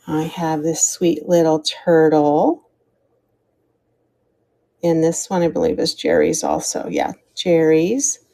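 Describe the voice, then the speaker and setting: A woman's voice: low voice, expressive, slow pace, gravelly, long pauses, warm tone. An American woman hosting a live jewelry sale, chatting casually as she shows pieces, calls out starting prices and thanks viewers by name. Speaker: live-stream jewelry seller. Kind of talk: live auction stream chat.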